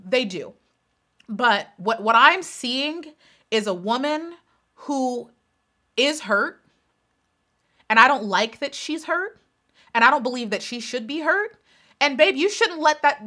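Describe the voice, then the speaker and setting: Young woman YouTuber, bright and a touch high, sassy, blunt, exasperated rant. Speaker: YouTube commentator. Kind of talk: casual commentary rant.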